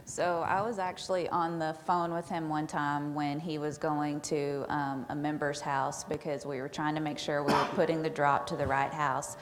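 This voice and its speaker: A woman with a slightly low voice tells a story on a conference panel. She acts out the quoted lines as she goes. The sound carries a long hall reverb. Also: little pitch movement, normal speed, hardly any pauses. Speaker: conference panelist, operations director. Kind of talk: telling an anecdote on stage.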